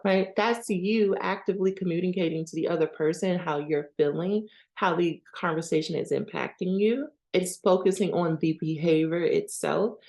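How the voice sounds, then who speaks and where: A woman with a slightly low voice hosts a reflective self-help podcast. She talks candidly and personally, often checking in with listeners with a quick "right?". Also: creaky, darkish tone. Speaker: podcast host.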